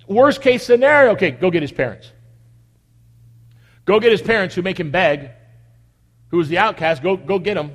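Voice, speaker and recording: This is a man preaching in church from the communion table, his high voice animated and fairly quick, broken by long pauses. As a pastor, he keeps the sermon conversational and returns again and again to rhetorical questions. A big hall's long echo trails every line.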